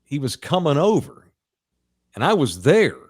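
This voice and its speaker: A man's voice: fairly high pitch, wildly swooping pitch, unhurried, darkish tone. A man in his forties, a podcast co-host, telling a long crude anecdote in a casual, rambling way with plenty of profanity. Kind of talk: casual sports podcast storytelling.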